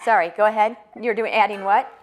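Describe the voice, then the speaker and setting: A woman's voice: mid-range voice, brisk. A woman from Chicago co-hosting a cooking show, upbeat and full of questions. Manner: upbeat, asks lots of questions. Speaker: co-host.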